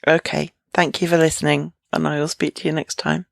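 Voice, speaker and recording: A woman hosting a solo advice podcast, talking in a gentle, encouraging, unhurried way. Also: low voice, flat delivery, creaky, music in the background. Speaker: podcast host.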